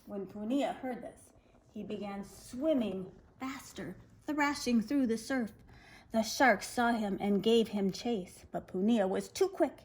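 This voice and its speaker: A woman reading a folktale aloud to children, expressive and animated. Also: medium pitch, a little slow, rough recording. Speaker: children's storyteller.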